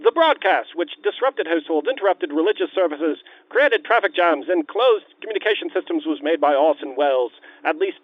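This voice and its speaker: A man's voice: a little high, expressive, brisk, dry recording, phone-quality sound, close to an everyday voice. A man putting on an old-timey 1930s newsreel announcer. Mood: dramatic. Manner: clipped, declaiming newspaper headlines.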